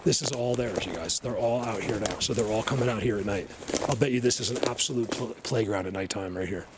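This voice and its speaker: A man vlogging casually while walking through a snowy forest, rambling and excitable, often laughing and dropping to a hushed voice. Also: lowish voice, fast talker, noisy background. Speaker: vlogger, Bigfoot researcher. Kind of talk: casual hiking vlog.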